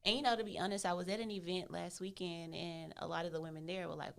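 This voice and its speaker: A woman's voice: lowish voice, steady tone, quick pace, vocal fry, hardly any pauses, fairly bright tone. A woman hosting a podcast in casual conversation, a supportive listener who affirms her guest often. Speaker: podcast host.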